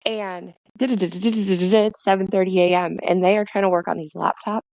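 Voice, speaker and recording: A woman guest in a casual podcast chat, telling stories with lively asides. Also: mid-range voice, normal speed, no echo. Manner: chatty storyteller, lively asides. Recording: dull, dry lo-fi sound.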